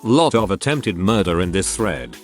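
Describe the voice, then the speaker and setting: A man reads online stories aloud in a low voice with a lively, swinging delivery. He adds wry, joking asides between the tales, and soft music plays faintly underneath. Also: moderate pace. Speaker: story narrator.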